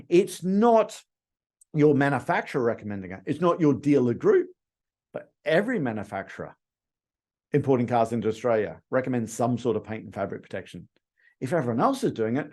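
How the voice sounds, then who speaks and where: A male sales trainer giving a lively training talk, acting out bits of customer dialogue as he teaches. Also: medium pitch, a little fast. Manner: animated, acts out customer dialogue.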